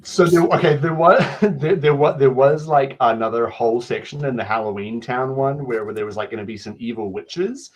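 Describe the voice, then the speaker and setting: A man's voice: mid-range voice, moderate pace, few pauses, poor audio. A man, the game master, chatting casually over a video call and stumbling over his words as he restarts phrases. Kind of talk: casual post-game chat.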